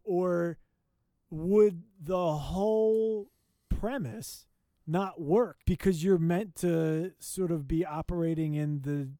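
A fairly high-voiced man chatting casually about a book on a podcast he co-hosts. He talks animatedly and keeps restarting his sentences. His voice is close and dry, with no room sound. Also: slow, mellow, dry recording. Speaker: podcast co-host. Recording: dry close mic, remote call.

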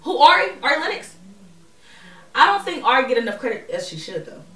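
Slangy woman podcast cohost, bright voice, sounds a bit off mic in an echoey room. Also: high-pitched, brisk, distant mic. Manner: animated, laughs often, slangy. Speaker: podcast co-host. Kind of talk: casual chat.

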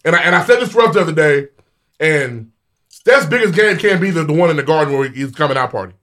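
A man co-hosting a podcast in casual chat, profane and animated, steering the topics. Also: fairly high pitch, quick pace. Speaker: podcast co-host. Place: hot indoor room, game on TV.

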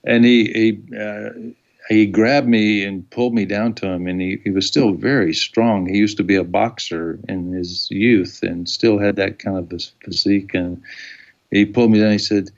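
Low gravelly man telling stories. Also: fairly even intonation, normal speed, dull audio. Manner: rambling anecdotes with acted-out quotes. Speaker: documentary filmmaker. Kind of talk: casual storytelling in an interview.

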